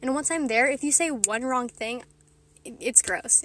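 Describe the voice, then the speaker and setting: A woman's voice: high-pitched, normal speed, a bit bright, slight background noise. A young woman talking frankly to her viewers in a rambling, casual way, often laughing. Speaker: vlogger. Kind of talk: candid casual chat to camera.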